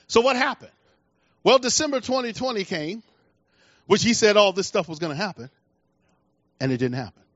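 A middle-aged male pastor preaching with a high, lively voice that swings widely as he acts out the people in his stories. His speech is folksy and colloquial. The recording is dull and lo-fi, with a dry, close sound. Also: moderate pace, pauses often, no room sound. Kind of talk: sermon.

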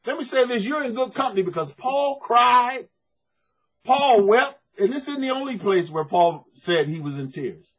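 A man's voice: extremely high pitch, lively intonation, moderate pace, a bit bright, husky. A man preaching a sermon to a congregation in a church, emphatic and conversational, calling for responses. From United States.

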